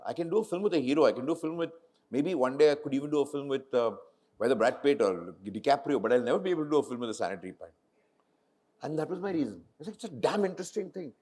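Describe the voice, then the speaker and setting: This middle-aged director, speaking with an Indian English accent, keeps a quick pace in a somewhat high voice. In a casual onstage conversation, he tells lively stories and plays out the dialogue.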